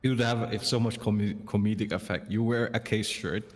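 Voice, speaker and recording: A lower-pitched male esports caster doing live commentary, animated and quick to exclaim. His voice carries a long reverb tail.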